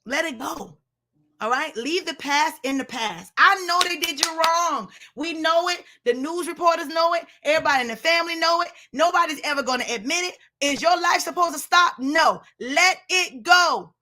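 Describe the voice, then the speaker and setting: High, bright-voiced woman preaching bluntly. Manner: blunt, preachy, addresses listeners as sis and y'all. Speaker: motivational speaker. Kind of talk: motivational live talk.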